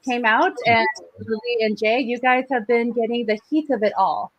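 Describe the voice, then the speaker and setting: A woman's voice: fairly high pitch, moderate pace, muffled recording. A woman hosting a casual pop culture livestream, bubbly and laughing often. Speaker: host.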